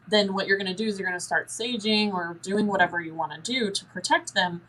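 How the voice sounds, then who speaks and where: A woman's voice: brisk, few pauses, a bit bright, poor audio. Chatty young woman answering questions. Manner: chatty, acts out dialogue in a higher voice. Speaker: paranormal Q&A guest.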